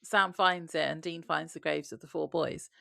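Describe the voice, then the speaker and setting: A woman's voice: sits low, fairly even intonation, moderate pace, gravelly, pushed and bright, no room sound, clean studio sound. A woman co-hosting a podcast, recapping a TV episode in casual chat and laughing often as she retells scenes. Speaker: podcast co-host.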